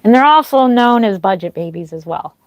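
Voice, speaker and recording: A woman's voice: mid-range voice, expressive, fairly quick, dry recording. Chatty woman with a dry close voice. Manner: chatty, thanks viewers by name, many fillers. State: dry throat. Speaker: reborn doll artist hosting a livestream. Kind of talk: chatty livestream talk. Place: home nursery. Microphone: wearing a microphone.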